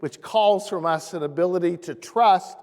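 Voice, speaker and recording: A man preaching a sermon as pastor in a church sanctuary, earnest, rising animatedly and dropping soft. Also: high-pitched, normal speed. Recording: echoey church hall.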